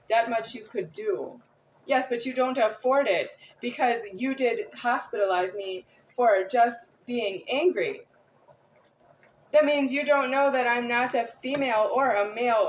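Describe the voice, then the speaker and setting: A woman's voice: medium pitch, far from the mic, a little hiss or hum, low-quality recording. A woman vlogger talking to the camera in a rambling, repetitive, agitated monologue.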